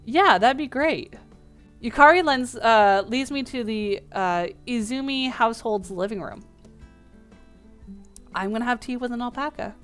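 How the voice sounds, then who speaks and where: Woman host, higher voice, smooth and clear, reads a game's dialogue aloud with slips and asides, faint music behind. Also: moderate pace. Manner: reads lines with small slips and restarts. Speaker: let's play host reading a dating game aloud. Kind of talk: reading game text aloud with asides.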